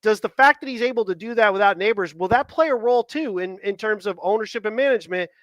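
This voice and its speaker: A male sports-podcast co-host with a notably high, bright, forward voice. He rambles in a casual way and builds long, winding questions. The sound is close and dry, with no room around it. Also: fast, no echo. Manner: acts out quoted dialogue.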